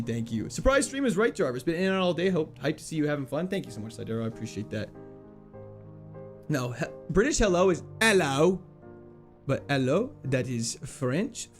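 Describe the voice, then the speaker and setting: A man streams a video game live, chatting casually and playfully, reading out chat and laughing often. His voice is on the high side, very animated and brisk, with soft background music.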